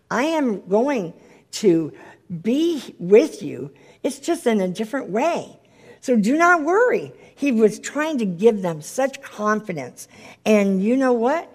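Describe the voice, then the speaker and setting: A woman teaching at a Bible study in a sermon style, earnestly reading scripture aloud and growing more fervent as she preaches. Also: a little mellow. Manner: earnest, reads scripture aloud, rises in pitch when stirred. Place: meeting room, live gathering.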